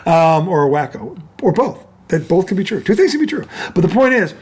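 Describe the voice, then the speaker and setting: A man hosting a sports talk show, telling stories in an excitable, gushing way and swearing freely. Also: high-pitched, a little fast, breathy edge. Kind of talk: casual podcast chat.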